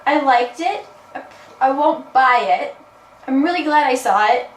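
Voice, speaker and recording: A woman in her twenties or thirties co-hosting a casual movie review, talking in a relaxed way with restarts and laughs. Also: sits high, a little slow. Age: 20s or 30s. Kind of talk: casual chat. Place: in a car. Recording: roomy, distant, faint background hum.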